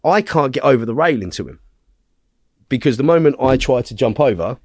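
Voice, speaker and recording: Casting note: a male podcast guest, mid-pitched and recorded dry and close, telling a story bluntly with constant swearing. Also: expressive, brisk, darkish tone, dry recording.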